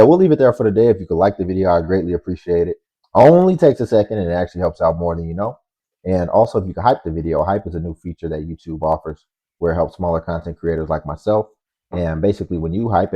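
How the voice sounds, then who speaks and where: A man hosting a reaction video, speaking in a relaxed, slangy way as he comments casually. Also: sits low. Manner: relaxed, slangy, drawls and hedges. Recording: dull lo-fi audio.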